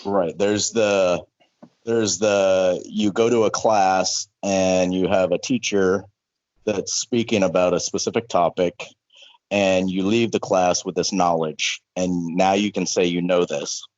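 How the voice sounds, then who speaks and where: A man's voice: deep voice, steady tone, slow, darkish tone, no room sound, dull audio. A man speaking as a life coach in casual conversation, earnest and repeating words as he builds a point.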